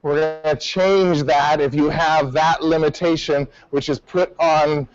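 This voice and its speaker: A man teaching a martial arts class, calling out drills with sharp commands and counts. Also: fairly high pitch, steady tone, a little slow, highs cut off, soft background music. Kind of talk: class instruction.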